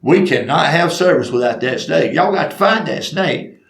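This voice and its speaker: A man voicing a loud, pushy male choir manager, hollering orders. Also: lively intonation, moderate pace, creaky, echoey room. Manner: hollering orders, raised and high.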